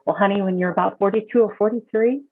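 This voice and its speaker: A woman's voice: mid-range voice, fairly even intonation, fast. A woman counselor speaking as a podcast guest in an emphatic, casual way, often repeating her words as she starts a thought. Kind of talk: casual conversational advice. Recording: tinny phone-like call audio.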